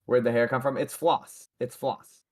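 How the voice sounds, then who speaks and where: A man's voice: mid-range voice, fairly even intonation, moderate pace, a little mellow. A young man hosting a sports betting livestream, chatting loosely and joking with his co-host and the chat.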